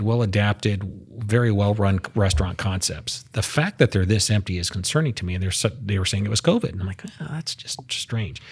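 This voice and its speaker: A man's voice: fairly low pitch, vocal fry, breathy edge. A man speaking as a guest on a podcast, emphatic, piling up figures and restarting his words. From United States. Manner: emphatic, statistic-heavy, repeats words when starting. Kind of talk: casual podcast interview.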